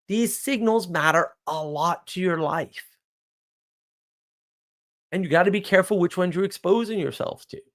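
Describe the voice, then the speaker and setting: Rambling male livestream host. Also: high-pitched. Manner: rambling storyteller, tosses in "right?" asides. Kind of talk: casual live monologue.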